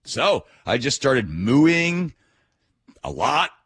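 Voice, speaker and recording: A middle-aged male radio host tells a story in a lively, indignant rant from the studio. His voice sits at an ordinary pitch but swings widely up and down as he fumes. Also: drawn-out words, slightly rough, no echo. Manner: animated, indignant ranting.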